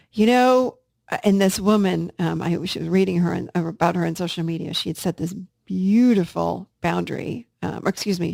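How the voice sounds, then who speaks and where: A woman's voice: on the low side, gravelly, a little mellow, no echo, clean studio sound. A woman hosting a self-help podcast, talking earnestly and encouragingly straight to her listeners. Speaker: podcast host.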